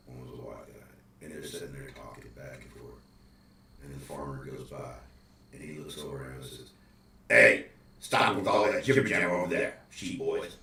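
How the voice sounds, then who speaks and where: A man's voice: extremely low pitch, creaky. A man hosting a casual rambling chat, loose and joking. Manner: loose, joking, self-deprecating. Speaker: video host. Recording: echoey room with faint noise.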